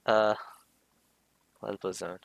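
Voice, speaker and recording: A man's voice: lowish voice, flat delivery, slow pace, gravelly, dry recording. A man talking casually over a drawing, hesitant, with many fillers and restarts. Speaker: streamer explaining a drawing.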